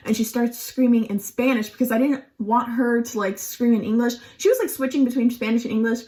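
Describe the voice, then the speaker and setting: A woman's voice: on the high side, brisk, warm tone. A young adult woman telling a casual storytime on her vlog, chatty and profane, with lots of "like". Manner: chatty and profane, heavy use of "like". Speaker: vlogger.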